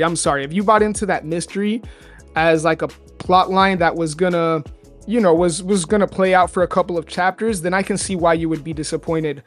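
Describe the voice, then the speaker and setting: A man co-hosting a podcast, talking in a casual, rambling way and correcting himself as he goes. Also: sits high. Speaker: podcast co-host. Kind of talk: casual chat.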